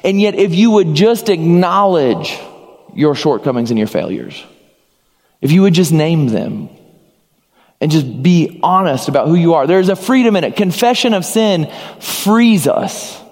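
A man's voice: on the high side, expressive, measured pace, a little mellow, in a large hall. A man preaching a sermon as pastor, earnest, acting out short dialogues as he speaks.

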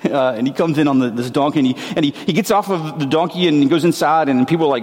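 A man's voice: on the high side, brisk, hardly any pauses, long reverb tail. A man preaching a sermon in a casual, conversational way, with slang and frequent restarts. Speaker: pastor.

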